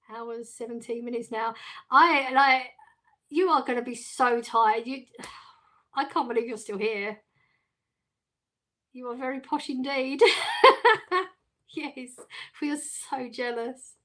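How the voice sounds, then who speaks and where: A middle-aged woman hosting a casual live stream, chatting with her viewers, reading out their messages and laughing often. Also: fairly high pitch. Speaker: livestream host reading chat. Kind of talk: casual chat.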